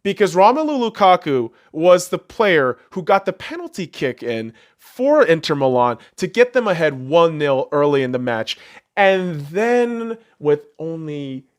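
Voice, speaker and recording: A young man hosting a podcast, giving a profane, excitable sports rant that swings from low mutters to loud outbursts. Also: measured pace, clean tone. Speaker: podcast host.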